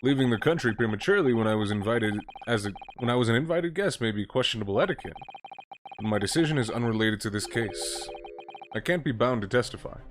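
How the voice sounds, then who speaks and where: Haughty older judge, formal and evasive, read by a male streamer, mid pitch. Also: lively intonation, quick pace, noisy background, lightly acted.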